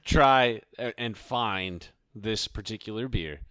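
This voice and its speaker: A man's voice: fairly low pitch, slow pace, pushed and bright, dry recording. A man co-hosting a podcast, chatting about drinks in a laid-back, rambling way. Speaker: podcast co-host. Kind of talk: casual chat.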